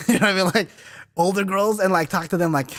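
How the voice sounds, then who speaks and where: His voice is high-pitched and fairly quick, trailing a long reverb tail. A podcast host in his thirties, he chats casually through loose, profane stories, animated, laughing throughout, and leaning hard on filler words.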